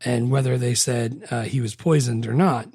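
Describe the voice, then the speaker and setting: Gravelly husky man chatting on a podcast. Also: mid-range voice, moderate pace, no echo, clean studio sound. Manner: relaxed, many fillers. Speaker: podcast co-host. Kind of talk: casual movie chat.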